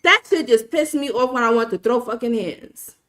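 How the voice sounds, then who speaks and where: A New York City woman with a New York accent hosts a livestream, telling a story in a casual, profane, emphatic way while reading and answering her chat. Her voice is on the high side and fairly bright, at a normal speed.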